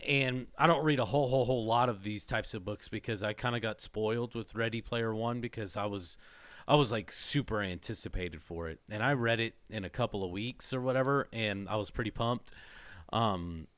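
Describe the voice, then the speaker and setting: A man's voice: lowish voice, brisk, a bit bright, dry recording. A man talks casually as a podcast guest and pokes fun at himself as he goes. His voice sounds dry and close, with no room around it. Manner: self-mocking and jokey. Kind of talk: casual chat.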